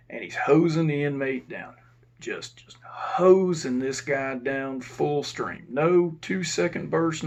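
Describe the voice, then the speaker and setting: A man's voice: medium pitch, vocal fry. A man casually telling a blunt, profane story from his years as a prison officer. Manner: blunt and profane, laid-back. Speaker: former prison officer telling war stories.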